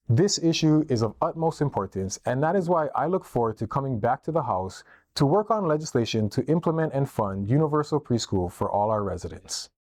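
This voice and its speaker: A man from Hawaii, a political candidate, reading his campaign statement in a steady, formal way. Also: mid-range voice, dry recording.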